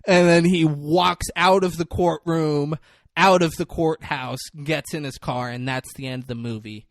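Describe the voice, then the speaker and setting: A man's voice: on the high side, unhurried, dry recording, studio quality. A man co-hosting a podcast, talking casually, profanely and with animation about a film. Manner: animated, profane, acts out scenes. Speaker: podcast co-host. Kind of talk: casual chat.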